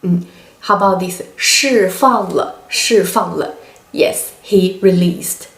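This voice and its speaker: A woman with a Chinese accent teaching a language lesson, explaining slowly with many pauses and hesitations. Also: fairly low pitch, roomy sound.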